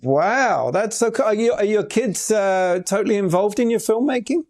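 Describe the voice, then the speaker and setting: Gravelly, slightly high-voiced male host. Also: expressive, normal speed, darkish tone. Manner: upbeat, enthusiastic reactions. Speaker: interview host. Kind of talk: casual interview chat.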